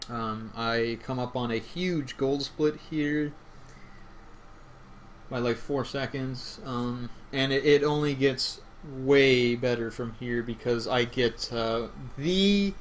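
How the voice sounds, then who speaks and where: Young male gamer, excitable run commentary, loose and rambling, faint hiss behind. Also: medium pitch. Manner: rambling, self-correcting, excitable. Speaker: speedrunner commentating his own run. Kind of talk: casual gameplay commentary.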